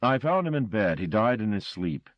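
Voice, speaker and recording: A man's voice: on the low side, sing-song, normal speed, no room sound, dull audio, voice pushed up. A man voicing a frightened, blustering male chauffeur who insists and pleads. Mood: scared.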